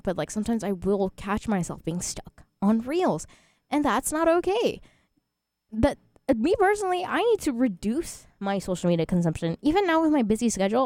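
A woman's voice: mid-range voice, a little mellow, no echo, studio quality. A twenty-year-old woman hosting a student radio show, chatting casually and rambling with frequent laughs. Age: 20s.

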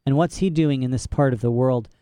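Man doing a smooth, condescending doctor. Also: mid-range voice, a little fast, dark tone, dry recording, studio quality, lightly acted. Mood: soothing. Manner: soothing, condescending. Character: smooth male doctor, soothing and manipulative.

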